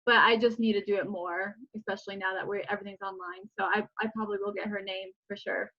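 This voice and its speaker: A woman in a casual chat on a video call, encouraging and quick to agree. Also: medium pitch, level tone. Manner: encouraging, frequent agreeing backchannels. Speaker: sign language student. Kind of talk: casual peer feedback chat. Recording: dull lo-fi video call audio.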